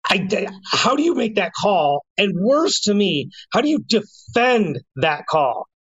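A man co-hosting a sports podcast, delivering deliberate, punchy one-liners. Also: sits high, very animated, fairly bright tone, breathy edge, no room sound, highs cut off. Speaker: podcast co-host. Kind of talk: casual sports talk.

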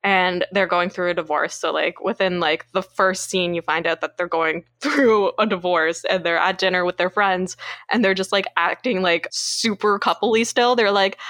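A woman from Canada, co-hosting a podcast and recapping a film in lively casual chat, swearing freely. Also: fairly low pitch, moderate pace, no room sound. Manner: animated storyteller, laughs often, swears freely. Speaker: podcast co-host.

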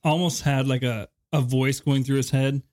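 A man's voice: mid-range voice, steady tone, normal speed, darkish tone. A man co-hosting a casual political podcast, chiming in with agreeable, chuckling asides. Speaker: podcast co-host.

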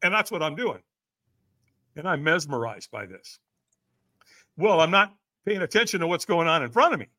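A middle-aged man telling a story as a podcast guest, with a high, bright, forceful voice. His pitch swings widely as he acts out the people in his tale and keeps asking "right?" to pull the listener along. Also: moderate pace, pauses often. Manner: lively, acts out quoted voices, frequent "right?". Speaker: podcast guest, personal development coach. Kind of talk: animated storytelling in a podcast interview.

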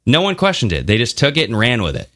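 A man's voice: medium pitch, wildly swooping pitch, fast talker, fairly bright tone, dry recording. A man co-hosting a podcast, talking casually and animatedly, swearing now and then and mocking others in funny voices. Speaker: podcast co-host. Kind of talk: casual conversational podcast talk.

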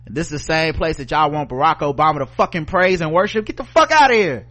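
A podcast co-host with a Southern US accent rants heatedly and sarcastically, swearing often and reading news aloud. His voice is fairly high, quick, bright and forceful, with lively intonation, in a profane opinion rant.

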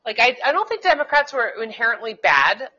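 A woman's voice: a little high, big pitch swings, fairly quick, bright, forceful tone. Heated, rambling woman on lo-fi radio. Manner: heated, rambling, many restarts and swearing. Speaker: co-host; schoolteacher. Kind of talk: casual political talk. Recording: dull lo-fi internet radio sound.

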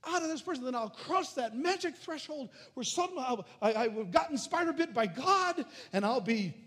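A man preaching a sermon, animated, swinging from loud calls to hushed near-whispers. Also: very high-pitched, moderate pace, slightly rough. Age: adult. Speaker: pastor.

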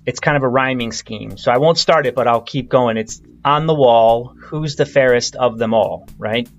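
A man's voice: mid-range voice, normal speed, dull audio, soft background music. A man hosting a podcast, chatting casually and quizzing his guest, with lots of fillers and restarts. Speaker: podcast host.

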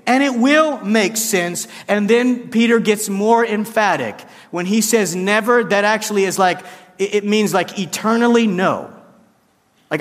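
A man's voice: high-pitched, fairly bright tone, long reverb tail. A man preaching a conversational sermon, acting out quoted lines with shifts in his voice. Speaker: pastor.

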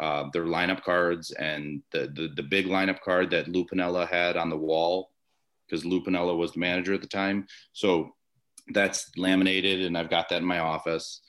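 This man has a deep, slightly bright voice. He's a former baseball umpire from the Chicago area, USA, guesting in a storytelling interview from his home office, where he rambles, restarts and uses fillers.

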